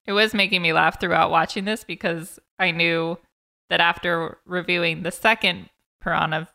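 A woman's voice: fairly low pitch, normal speed, vocal fry. A woman co-hosting a podcast, chatting animatedly about a film and laughing often. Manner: animated, laughing, mimics characters in quotes. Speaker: podcast co-host. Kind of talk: casual movie commentary chat.

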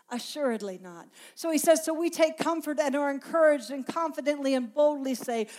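Female preacher, high-pitched, passionate sermon with emphatic repetition. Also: fairly quick, hardly any pauses, darkish tone.

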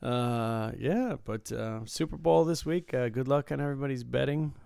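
Male host, mid-pitched, gravelly voice, rambling talker, dry close mic. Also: darkish tone, no room sound. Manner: rambling, halting, many restarts and fillers. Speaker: podcast host. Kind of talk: casual chat. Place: Las Vegas.

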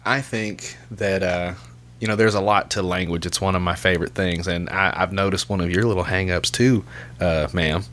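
A man, a guest on a podcast, telling stories in a teasing, animated way and swearing casually. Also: sits low, moderate pace. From American South.

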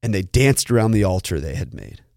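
A pastor tells a story in an earnest, preaching way, often doubling words as he restarts. His voice sits on the low side. The recording is dry and close. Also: big pitch swings, fairly quick, a little mellow, no room sound. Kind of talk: sermon storytelling.

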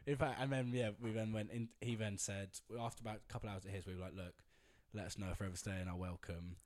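A man's voice: on the low side, fairly even intonation, quick pace. A man telling a long rambling anecdote in casual chat, with lots of fillers and laughter. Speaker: storyteller guest.

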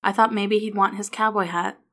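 A woman voicing a grieving widow who speaks softly and haltingly, with small restarts. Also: medium pitch, steady tone, lightly acted. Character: grieving widow, soft-spoken adult woman.

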